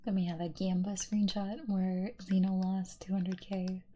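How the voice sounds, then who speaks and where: A woman's voice: medium pitch, level tone, a little slow. Whispery, giggly woman ASMR streamer. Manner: drifts between whispering and soft talk, giggles often. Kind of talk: soft-spoken ASMR stream chat.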